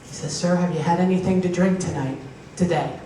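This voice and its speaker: A woman from Pennsylvania performs a stand-up set with a slightly low voice, acting out the people in her stories and laughing along at her own punchlines. She is recorded from a distance in a very echoey hall, with faint noise behind her. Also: brisk, warm tone. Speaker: stand-up comedian. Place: live comedy show with an audience.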